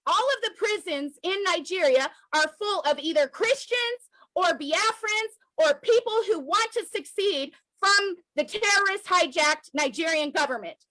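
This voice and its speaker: A very high, bright-toned woman speaking with fervent emotion, hammering her points home by saying them twice. Her voice is crisp and forceful, recorded close and dry with no room echo. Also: expressive, measured pace. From United States. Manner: emotional, emphatic, repeating for emphasis. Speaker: activist commentator. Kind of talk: impassioned video commentary.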